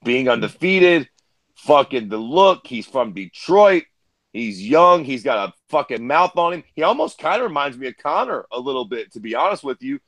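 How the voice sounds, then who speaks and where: Brief: man, mid pitch, relaxed profane chatter, dry close sound. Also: normal speed, dry recording, low-quality recording. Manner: laid-back, profane, chuckles while talking. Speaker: podcast co-host. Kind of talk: casual chat.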